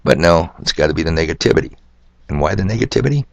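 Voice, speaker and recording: A man's voice: a bass voice, animated, fast talker, creaky, no room sound. An older man hosting a solo podcast monologue, rambling and sardonic, asking rhetorical questions and spelling words out letter by letter. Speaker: podcast host.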